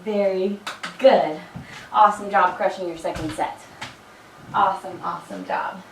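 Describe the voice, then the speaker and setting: A woman's voice: mid-range voice, fairly even intonation, normal speed, gravelly, a little hiss or hum. Chatty fitness instructor woman counting reps. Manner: encouraging, chatty asides between counted reps. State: frog in her throat. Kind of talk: workout instruction with rep counting. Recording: echoey room, mic far off.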